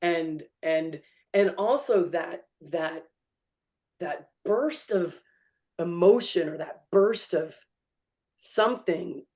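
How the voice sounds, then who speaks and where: A woman co-hosting a podcast, telling a personal story in an animated way with laughter and free swearing. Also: lowish voice, slow, pauses often. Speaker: podcast co-host. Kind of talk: casual storytelling chat.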